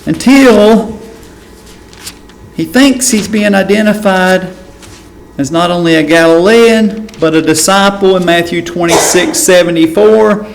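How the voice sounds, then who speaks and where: A male pastor teaches a Bible study in a relaxed, conversational way. His voice sits a little high for a man, and he keeps checking in with his listeners with a quick "right?". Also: slight background noise, low-quality recording. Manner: conversational, often asks "right?".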